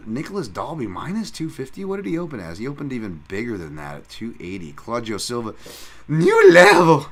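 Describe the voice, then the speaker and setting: A man's voice: fairly low pitch, fairly bright tone. A man hosting a podcast, casually breaking down fight picks with rambling, self-interrupting, profane talk. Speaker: podcast host. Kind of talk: casual MMA betting breakdown.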